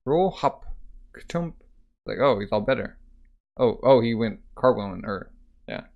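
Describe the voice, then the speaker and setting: A man's voice: lowish voice, normal speed, creaky, phone-quality sound. Laid-back man casually reading a manga aloud. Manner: laid-back, filler-heavy, keeps saying "like". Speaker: manga reader.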